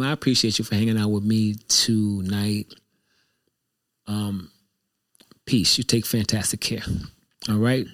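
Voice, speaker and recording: A man hosting his own show, talking in a casual, reflective monologue that rambles and repeats itself candidly. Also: mid-range voice. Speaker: show host.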